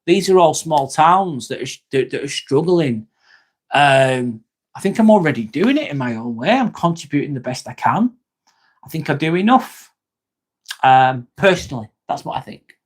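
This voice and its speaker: Speaking at a normal speed in a fairly high, very animated voice, a chatty man in his forties talks casually with livestream viewers. He's a nurse and the stream's host, blunt in manner and prone to trailing off into "um" and "mate."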